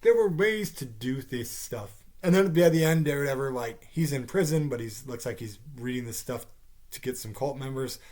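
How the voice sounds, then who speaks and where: A man's voice: mid-range voice, lively intonation, normal speed, a little mellow. A caffeinated man ranting through a profane TV series review, swearing heavily and sounding exasperated. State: caffeinated, wired.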